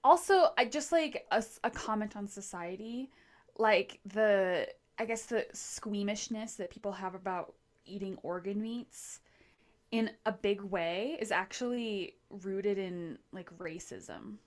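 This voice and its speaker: A young adult woman co-hosting a podcast, talking in an animated, excitable way full of "like" fillers. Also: mid-range voice, a little slow. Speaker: podcast co-host. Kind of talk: casual podcast chat.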